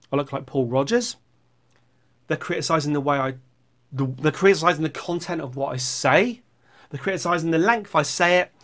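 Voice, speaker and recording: A man's voice: on the high side, fairly bright tone. A middle-aged man rambling sarcastically as he reads out viewer comments on his channel. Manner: sarcastic, rambling, puts on silly voices for comments. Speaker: YouTuber reading viewer comments.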